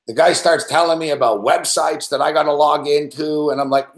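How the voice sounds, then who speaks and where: A man's voice: on the high side, steady tone, a little fast, roomy sound. A man hosting a sports betting show, telling a long profane story in a casual late-night rant.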